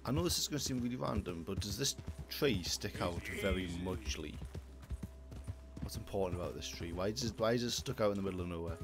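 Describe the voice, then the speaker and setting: A man's voice: low voice, fairly quick. A young man streaming a game, joking and easily startled. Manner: excitable, jokey, easily startled. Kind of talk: gaming livestream commentary. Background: game music.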